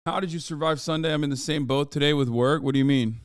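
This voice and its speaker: A man in his thirties runs a live stream from his LA home studio, chatting, joking with lots of hype, and reading chat out loud. He talks quickly in a slightly high, clear, resonant voice, with studio-quality audio and no echo.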